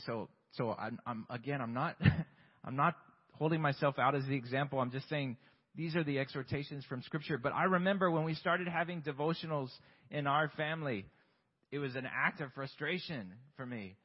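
Male pastor, husky mid-range voice, candid self-deprecating sermon, echoing church hall. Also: fairly high pitch. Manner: candid, self-deprecating, asks rhetorical questions. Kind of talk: conversational sermon. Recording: long hall reverb, dull lo-fi sound.

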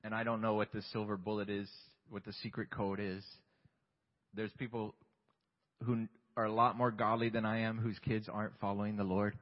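A man's voice: fairly low pitch, flat delivery, moderate pace. A man preaching a conversational sermon, candid and self-deprecating, full of rhetorical questions. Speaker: pastor. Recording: long hall reverb, dull lo-fi sound.

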